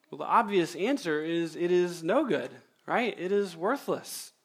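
A male pastor preaching a sermon, emphatic and measured, repeating key phrases and slowing down to stress them. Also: sits high, expressive, breathy edge.

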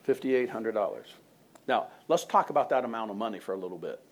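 A man's voice: fairly low pitch, expressive, a little fast. A male pastor preaching a sermon to a congregation, retelling a story in a conversational way and asking the room questions.

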